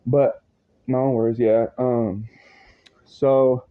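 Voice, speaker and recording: A worked-up man rants to the camera in a long, rambling monologue, swearing freely and tossing in slang as he circles back over his point. His voice sits in an ordinary middle pitch. The audio is dull and a little lo-fi. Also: flat delivery, drawn-out words, clear, resonant tone. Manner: agitated, profane, rambling with slang asides.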